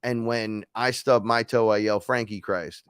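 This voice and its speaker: A man's voice: medium pitch, little pitch movement, normal speed, smooth, no room sound, clean studio sound. A man hosting a casual spiritual talk, telling stories in a rambling, profane way. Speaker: host.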